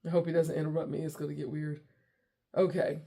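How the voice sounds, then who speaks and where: A woman from the United States who hosts a comedy show, telling a story in casual, animated chat from her home basement and often breaking off mid-sentence. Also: sits low, a little fast, creaky, breathy edge.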